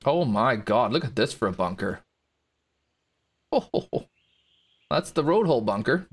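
A man's voice: medium pitch, very animated, fairly quick, breathy edge. A man casually commentating his golf video game play, reacting to shots and talking to viewers in chat. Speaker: gaming streamer.

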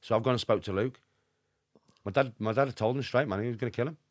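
A middle-aged man with a Birmingham accent, a podcast guest telling rapid, emphatic anecdotes and constantly checking in with the listener. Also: medium pitch, dry recording, studio quality. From Birmingham, England. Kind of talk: casual storytelling.

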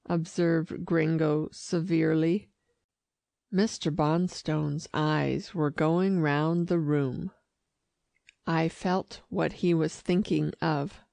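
A woman narrating an audiobook in a measured, careful reading. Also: fairly low pitch, gravelly, warm tone, no echo. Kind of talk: scripted narration.

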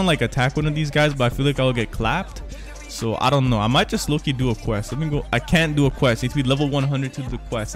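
A young man hosting a gaming channel, giving casual, slangy gameplay commentary and correcting himself often. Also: mid-range voice. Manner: slangy, hyped, self-correcting gamer talk.

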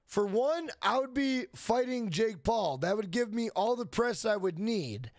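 A man's voice: high voice, expressive, unhurried, dry recording. A young man streaming a game, chatting loosely with profanity, repeating himself and reading chat questions aloud. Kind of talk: casual live stream chat.

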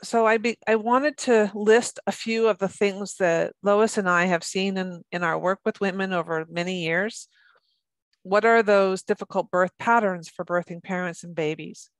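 A middle-aged woman giving a recorded lecture, talking in a halting way with many restarts and repeated words. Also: mid-range voice, steady tone, no room sound. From United States. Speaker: presenter on birth trauma.

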